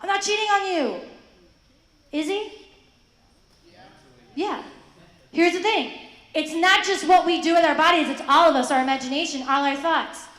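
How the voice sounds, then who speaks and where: High-voiced woman in an echoey hall. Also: moderate pace, pauses often. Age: young adult. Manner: animated, acts out quoted voices, asks the audience questions. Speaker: speaker addressing high school students. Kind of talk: faith talk to students. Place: school hall.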